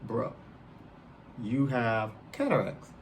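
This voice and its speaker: A man's voice: medium pitch, takes it slowly, slight background noise. A man doing a blunt eye doctor lady. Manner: flat, casual, blunt. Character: blunt, matter-of-fact female eye doctor.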